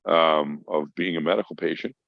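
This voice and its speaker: A man's voice: a bass voice, fairly even intonation, normal speed, gravelly, no echo. A man, a podcast guest who works in mental health, tells a story in a casual, emphatic and profane way. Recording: dull lo-fi dry sound.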